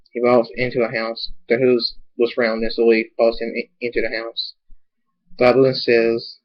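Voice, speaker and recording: A man's voice: mid-range voice, completely flat delivery, normal speed, dull audio. Man reading a story with stumbles. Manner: stumbling, repeats words.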